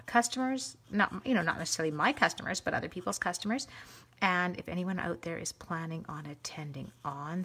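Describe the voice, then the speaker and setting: A woman hosting a live craft stream, chatting to viewers as she colors, quick to gush and laugh. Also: on the low side. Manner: chatty, excitable, talks to viewers while coloring.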